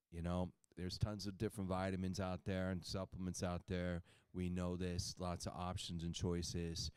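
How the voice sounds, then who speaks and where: A man who runs a clinic pitching a supplement to listeners, telling a story with emphatic asides and "okay?" and "right?" checks. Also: a little mellow, clear, resonant tone, dry recording. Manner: folksy, emphatic, says "okay?" and "right?" to the audience. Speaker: clinic owner presenting supplements. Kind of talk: sales pitch with anecdote.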